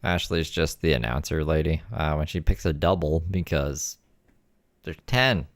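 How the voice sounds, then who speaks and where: A man's voice: rumbling low, unhurried, dry recording. A man hosting a live stream, chatting casually and thanking donors. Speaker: stream host reacting to a video.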